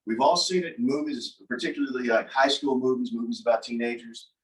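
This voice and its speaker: A man's voice: mid-range voice, a little fast. Storytelling man heard from a distance. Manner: animated, acts out quoted voices. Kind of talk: casual storytelling talk. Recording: voice from a distance from the mic.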